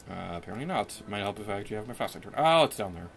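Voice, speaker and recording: A young man giving casual let's play commentary into a desk microphone, chatty and self-mocking, with sudden pitch jumps when he gets excited. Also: rapid-fire, gravelly, a little hiss or hum.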